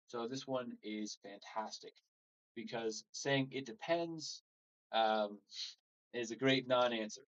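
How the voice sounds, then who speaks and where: A man's voice: mid-range voice, slow pace, highs cut off. A man teaching a live English lesson, explaining steadily and acting out sample phrases. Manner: relaxed explaining with example phrases, frequent "so" and "all right".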